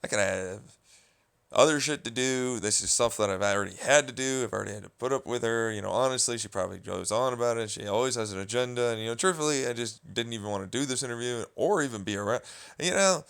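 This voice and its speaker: A man's voice: medium pitch, fast talker, gravelly, fairly bright tone, smooth. A man vlogging a rambling, profane, exasperated commentary rant.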